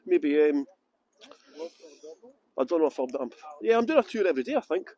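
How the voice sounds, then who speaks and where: Brief: Scottish tour guide, middle-aged man, cheeky banter with viewers, phone on a gimbal outdoors, very high pitch. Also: very animated, brisk, long pauses, darkish tone. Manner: cheeky, joking, chatty greetings to viewers. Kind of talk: livestreamed walking tour chat. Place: city streets outdoors.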